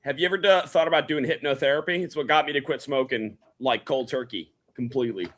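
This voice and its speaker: A man co-hosting a live stream in a relaxed, agreeable way. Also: mid-range voice, quick pace. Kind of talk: casual live stream chat.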